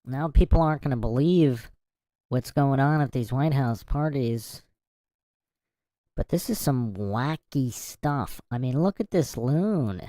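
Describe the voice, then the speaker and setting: A woman's voice: extremely low pitch, animated, unhurried, dark tone, dry recording. A woman hosting a podcast, reading passages aloud and breaking off to react with incredulous asides. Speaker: podcast host. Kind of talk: casual commentary and reading aloud.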